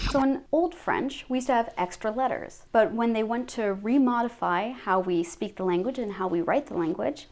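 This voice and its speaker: Lady french teacher, bit high voice, spells out sounds slow and careful. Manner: models each French sound slowly and clearly. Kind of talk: scripted language lesson.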